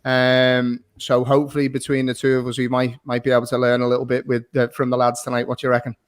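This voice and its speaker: A man's voice: medium pitch, completely flat delivery, fast talker. A man hosting a casual football podcast, friendly, laughing often and restarting his words. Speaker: podcast host.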